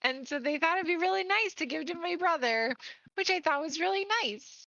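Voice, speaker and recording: A bright, high-pitched young woman , put on by a woman running a tabletop game, gushes over her favorite band and stumbles over her words. The sound is dry and a little dull, as from a home stream mic. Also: animated, moderate pace, gravelly, no echo, full character voice. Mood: pleading, awkward. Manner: gushing, flustered, stammering. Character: eager young woman, sister of a stable hand, starstruck fan.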